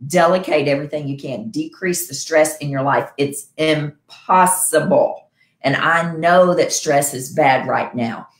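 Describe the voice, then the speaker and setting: A middle-aged woman with a low voice talks straight to her viewers like an encouraging coach. She checks in often with a quick "right?" and keeps the tone upbeat and practical. The sound has a noticeable echo, as if she were in a bare room at home. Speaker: wellness show host and health provider. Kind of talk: casual talk to viewers. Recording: echoey room.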